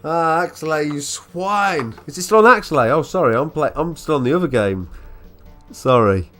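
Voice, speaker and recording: Here a Black Country man banters loosely over his gameplay stream, cursing without restraint and laughing frequently. He sounds mid-range, brisk and very animated, with a sharp tone and faint music in the background.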